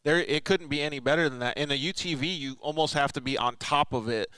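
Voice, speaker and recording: A man's voice: on the high side, fast, bright, forceful tone, clean tone, no room sound, low-quality recording. A man hosting a casual podcast, easygoing and jokey, tossing in dude and like as he leads the questions. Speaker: podcast host.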